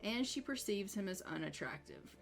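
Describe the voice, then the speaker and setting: A woman's voice: medium pitch, animated, moderate pace, vocal fry. A woman casually narrating her gameplay, making up chatty dialogue for the characters as she goes. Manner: voices both characters' dialogue in a chatty, playful way. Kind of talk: casual let's-play commentary.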